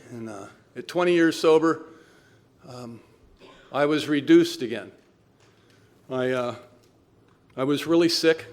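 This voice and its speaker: A man's voice: mid-range voice, slight background noise. A man in his seventies giving a personal talk at a recovery meeting, telling his story in a wry, self-mocking way. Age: 70s.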